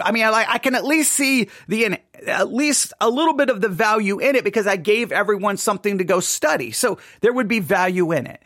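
A man hosting his own podcast, telling a story in an animated, self-mocking way. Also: sits high, brisk, few pauses, dry recording, studio quality. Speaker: podcast host. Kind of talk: casual monologue. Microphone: studio mic.

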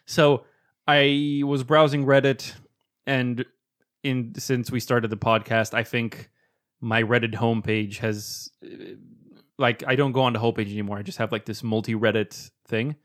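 A man co-hosting a podcast, chatting casually with quick asides and frequent laughs. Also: mid-range voice, little pitch movement, a bit bright. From not American. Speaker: podcast co-host.

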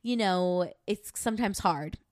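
A woman's voice: medium pitch, measured pace. A young woman, co-hosting a podcast in a casual, rambling chat full of fillers. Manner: chatty, rambling with many fillers. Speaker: podcast co-host.

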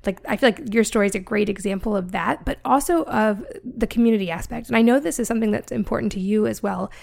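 A woman's voice: medium pitch, vocal fry, darkish tone. A woman hosting a podcast interview, talking in an earnest, thoughtful way with some fillers. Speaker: podcast host. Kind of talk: conversational interview.

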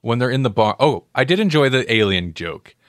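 A man's voice: medium pitch, expressive, brisk, no echo, studio quality. A man co-hosting a podcast, chatting casually about movies and acting out scenes with quoted voices. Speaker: podcast co-host.

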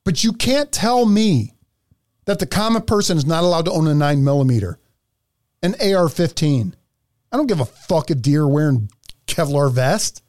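A man's voice: a little high, animated, moderate pace, darkish tone. A man hosting a podcast, ranting profanely through heated political commentary. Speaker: podcast host.

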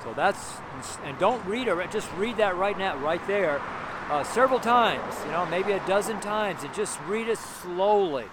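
Street preacher over loud traffic. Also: male voice, high voice, animated, a little slow. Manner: plain, rambling and earnest, with many fillers and restarts. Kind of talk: outdoor street sermon. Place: outdoors by a busy street intersection. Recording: noisy street recording with traffic. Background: loud traffic noise.

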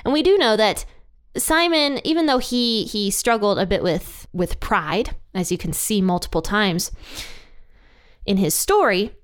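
A woman's voice: mid-range voice, animated, a little slow. A woman hosting a Bible study, explaining scripture in a chatty way with light laughs between points. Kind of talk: casual Bible teaching.

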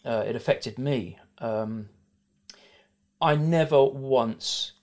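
A man's voice: medium pitch, slow, darkish tone. A man in his sixties with a middle-class South London accent, a guest in an interview talking frankly and rambling, with many fillers and restarts. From South London, England. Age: 60s. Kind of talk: conversational interview.

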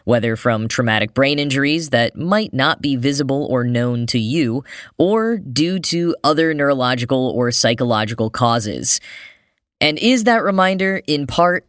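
A man's voice: mid-range voice, a bit bright, dry recording. A man hosting a podcast, reading news stories and quoted articles in a scripted way with dry, wry asides. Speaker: podcast host.

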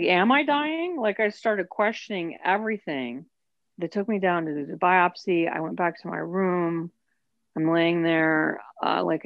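A woman's voice: fairly low pitch, no room sound, muffled recording. A woman telling her own story as an interview guest, candid and emotional. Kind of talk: personal storytelling.

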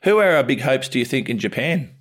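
A man's voice: medium pitch, big pitch swings, quick pace, fairly bright tone. An Australian man, a former cricketer co-hosting a sport show, talking in a blokey, laid-back way. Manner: blokey and laid-back, says "mate" a lot. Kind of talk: casual sports chat.

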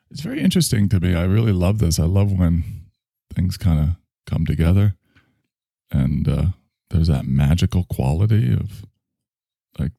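A man's voice: sits low, gravelly, dark tone, no room sound, clean studio sound. A man hosting a podcast in casual chat, rambling and offhand. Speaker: podcast host.

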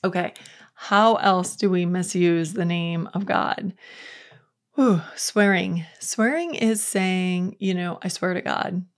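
A woman with a fairly low voice hosts a faith podcast, speaking slowly as she gives an earnest, conversational Bible teaching. She acts out the quotes she reads.

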